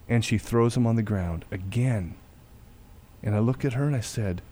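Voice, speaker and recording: A man hosting a faith talk show, telling a family story in a casual, halting way, often repeating words and going quiet when he quotes himself. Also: mid-range voice.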